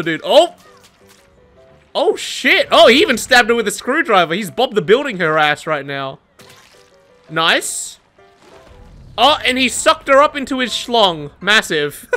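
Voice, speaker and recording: A young woman giving casual, excitable commentary over her own gameplay, swearing and laughing often. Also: a little high, moderate pace, faint music behind. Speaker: gaming streamer.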